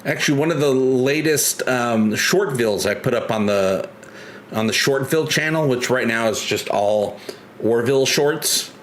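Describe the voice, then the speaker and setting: A man's voice: medium pitch, moderate pace, slight background noise. A man hosting a casual live stream, chatty and joking, who rambles and restarts his sentences often. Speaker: livestream host.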